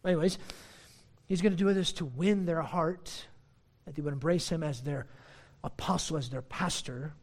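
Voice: mid-range voice, normal speed, pauses often. A preacher giving a sermon, teaching in an emphatic, conversational way with frequent asides and a sarcastic edge.

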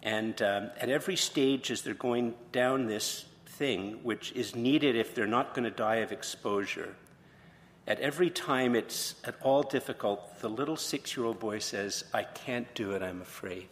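A man's voice: mid-range voice, a little slow, long reverb tail. A man preaching a sermon, retelling a story and then posing questions to the congregation. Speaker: pastor.

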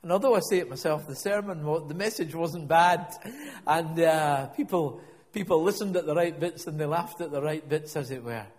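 Male preacher, middle-aged, high voice, reflective sermon storytelling, halting restarts. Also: a little mellow, big-room sound. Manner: reflective, repeats and restarts words.

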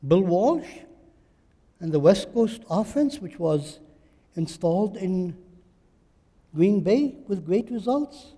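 A man's voice: high-pitched, sing-song, takes it slowly, mellow, in a large hall. A man preaching a sermon, driving his points home with emphatic rhetorical questions and repetition.

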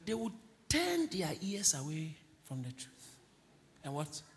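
A male pastor preaching a sermon, shouting exhortations, then dropping into low asides, with laughs along the way. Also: wildly swooping pitch, takes it slowly, creaky. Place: church hall. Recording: long hall reverb.

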